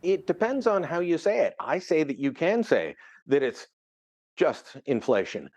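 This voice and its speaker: A middle-aged man from Canada talks through the news in a lively, conversational way. His pitch rises and falls a lot, and he slips into quick impressions of the people he quotes. It sounds like a relaxed interview segment. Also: dry recording. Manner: animated, conversational, mimics quoted voices. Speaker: political contributor.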